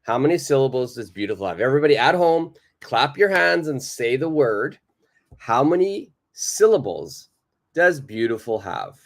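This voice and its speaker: A man's voice: mid-range voice, very animated, normal speed. A man teaching a live online English lesson, patiently repeating his questions to the viewers.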